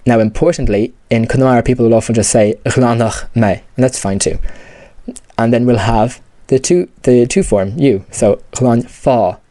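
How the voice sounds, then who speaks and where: A man's voice: medium pitch, moderate pace, mellow, no room sound. A man explaining grammar step by step in a patient lesson, often saying "you know" and "okay". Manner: patient, repeats key terms, many fillers like "you know" and "okay". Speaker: language teacher.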